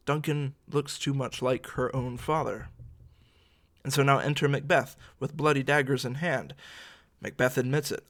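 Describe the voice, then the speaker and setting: A man's voice: mid-range voice, steady tone, unhurried. Man explaining a play casually. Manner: conversational, with slangy asides while explaining. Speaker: literature teacher.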